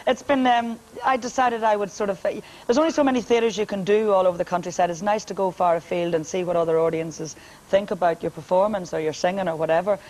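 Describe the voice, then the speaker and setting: Deep-voiced Northern Irish woman. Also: fairly even intonation, fast talker, a little mellow, rough recording. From Northern Ireland. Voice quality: deep, powerful speaking voice. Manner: hearty, laughs often, comic storyteller. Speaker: singer and guest. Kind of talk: joking TV chat.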